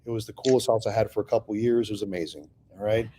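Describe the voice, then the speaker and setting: A man's voice: on the low side, fast, mellow, husky. A middle-aged man telling his own business story in a casual, profane way, acting out both sides of past conversations. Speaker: real estate investor telling his story.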